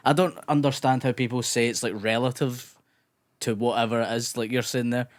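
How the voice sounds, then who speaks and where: A man's voice: mid-range voice, fairly even intonation, brisk. A man with a mid-range voice argues his case on a podcast. He keeps questioning and repeating himself, talking in loose casual chat. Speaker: podcast co-host.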